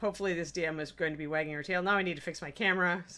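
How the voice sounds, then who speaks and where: A woman's voice: fairly low pitch, fairly even intonation, rapid-fire, bright, forceful tone. A woman hosting a casual live stream, bubbly and chatty, laughing often. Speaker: host of a miniature painting stream.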